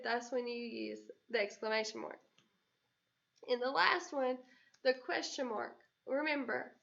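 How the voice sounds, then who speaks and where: High, gravelly-voiced woman teaching children. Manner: clear, patient explanation with playful, excited example voices. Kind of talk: recorded classroom lesson for children. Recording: dull lo-fi recording.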